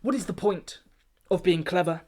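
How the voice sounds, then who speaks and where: A man performs comic rhyming spoken-word satire as a snobbish, pompous poetry gatekeeper, declaiming with grand self-importance. His warm voice is a little high, measured and rhythmic, like someone delivering an official briefing.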